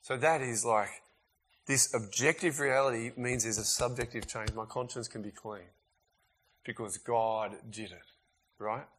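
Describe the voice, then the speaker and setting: A man's voice: mid-range voice, a little slow, husky. Emphatic preacher man. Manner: emphatic, conversational preaching with sudden loud and quiet swings. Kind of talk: sermon.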